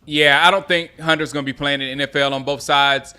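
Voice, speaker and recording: A man from South Carolina hosts a live game watch-along, calling out plays and answering viewers by name. His voice is bright and forceful, pitched a little high, and he gets excitable when a play breaks. Faint music plays underneath. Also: fast, clean tone. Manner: excitable, reacts loudly to plays. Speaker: host.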